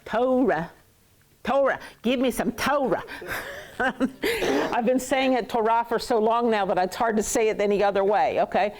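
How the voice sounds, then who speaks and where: A woman teaching a Hebrew class, playful and quick to laugh, acting out everyday phrases for her students in a classroom. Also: fairly high pitch, a little mellow. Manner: playful, laughs often, acts out market phrases.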